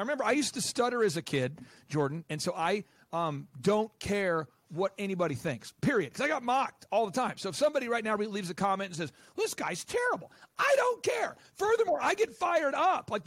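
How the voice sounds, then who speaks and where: High-voiced, fired-up man talking fast. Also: no room sound. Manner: animated, emphatic, rapid-fire. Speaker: guest, business coach and podcast host. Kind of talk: interview.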